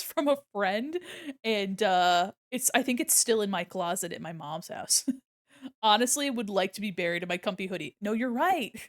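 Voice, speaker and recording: A woman's voice: mid-range voice, fairly bright tone, no room sound. Giggly woman streamer chatting dry. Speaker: livestreaming illustrator. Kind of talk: casual chat while drawing on stream.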